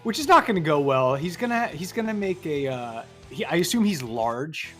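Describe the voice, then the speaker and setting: A man playing a tabletop game, lively and hesitant with fillers. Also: fairly high pitch, normal speed, soft background music. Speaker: player.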